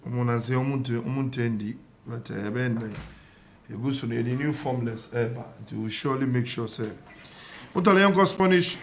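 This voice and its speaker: A man with a Ghanaian accent on a radio sports panel, reading out football fixtures and predictions one after another, mixing Twi and English. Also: mid-range voice. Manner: reads fixtures and predictions list by list. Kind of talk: reading betting tips on radio.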